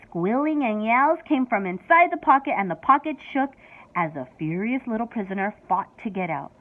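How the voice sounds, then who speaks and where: A teacher reading a children's book aloud with expressive storytelling, over tinny phone-like audio. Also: female voice, on the high side, normal speed.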